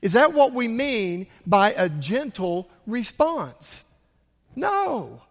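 A man preaching a sermon as pastor, swinging from quiet asides to loud bursts. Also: very high-pitched, very animated, slow, creaky, in a large hall.

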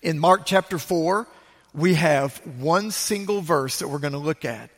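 In a large, reverberant church sanctuary, a pastor addresses a big congregation in a slightly high, somewhat bright voice, speaking a little slowly. He delivers his sermon emphatically, returning again and again to key phrases.

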